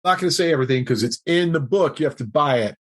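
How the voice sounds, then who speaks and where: Male guest, husky tone, animated self-deprecating anecdote teller with a lively, varied pitch. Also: rapid-fire. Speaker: podcast guest. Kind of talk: storytelling in conversation.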